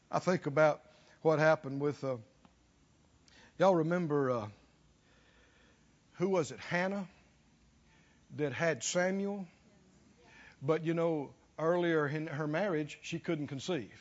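A man's voice: on the high side, slow, pauses often, big-room sound. A man preaching a sermon, folksy and chuckling, calling out to his listeners to respond. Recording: dull lo-fi recording.

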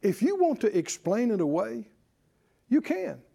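A man preaching a sermon in a folksy, scolding way, slow and emphatic. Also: extremely high pitch, sing-song, vocal fry, warm tone.

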